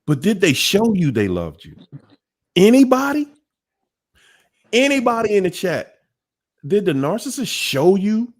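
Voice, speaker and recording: A man hosting a live Q&A talk, with a slightly raised voice that leaps around in pitch. He talks emphatically, calls out to his listeners, and acts out other people's words in voices. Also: sing-song, moderate pace. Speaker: host.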